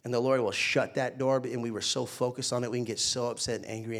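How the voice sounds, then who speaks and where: A young male pastor preaching in an easy, conversational way. He tells playful stories, rising loud and excited, then drops to a soft, hushed tone. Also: mid-range voice, quick pace. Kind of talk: sermon.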